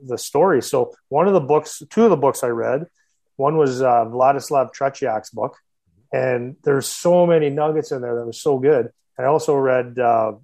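A hockey skills coach, a man of ordinary pitch, spins a long story in casual conversation. He circles back, restarts sentences and adds laughing asides as he talks. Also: darkish tone, low-quality recording. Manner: rambling, self-interrupting, laughing asides.

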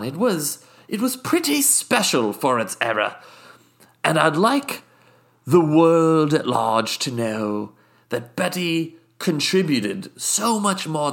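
Man doing a posh, condescending British guest, slow and meandering. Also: mid-range voice, gravelly, fairly bright tone, full character voice. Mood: rambling. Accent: put-on British. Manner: haughty, rambling, condescending. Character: pompous wealthy British male podcast guest. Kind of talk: improvised comedy character.

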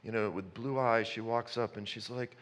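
Recorded in a church hall with long reverb, this sermon comes from a man whose medium-pitched, a bit bright voice keeps fairly even intonation at a normal pace. He begins conversationally and works up to passionate emphasis.

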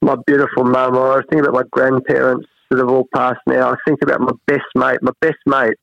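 A man's voice: medium pitch, level tone, a little fast, gravelly, dry recording. Earnest Australian man, dull dry sound. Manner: earnest, reflective, frequent restarts. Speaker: cricket head coach, guest. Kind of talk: interview conversation.

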